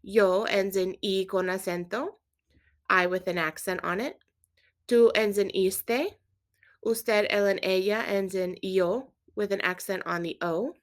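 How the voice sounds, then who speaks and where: Patient woman teaching a Spanish lesson. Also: medium pitch. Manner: clear, patient instruction with quiz prompts. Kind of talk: scripted language lesson.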